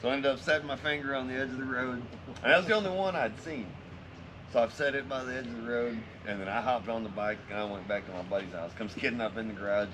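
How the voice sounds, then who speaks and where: A man's voice: mid-range voice, fast talker, noisy background. A man casually telling a story to friends, swearing constantly in a laid-back drawl.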